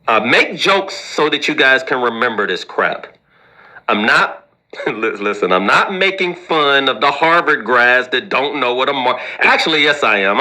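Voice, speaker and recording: Lively teasing male market commentator. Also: mid-range voice. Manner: joking, teasing, laughs often. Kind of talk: casual teasing market talk.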